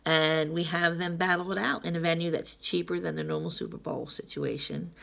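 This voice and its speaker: A woman's voice: lowish voice, level tone, moderate pace, creaky, a bit bright. A woman from Gloucester, Massachusetts, with a Gloucester accent, chatting her opinions to the camera in a rambling way and laughing often between phrases. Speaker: vlogger. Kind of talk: casual opinion vlog.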